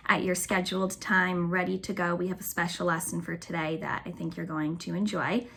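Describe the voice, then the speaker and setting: A woman teaching a remote phonics lesson to young schoolchildren, cheerful and patient, slowly stretching words out for the class. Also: on the low side, little pitch movement, gravelly, a bit bright, a little hiss or hum.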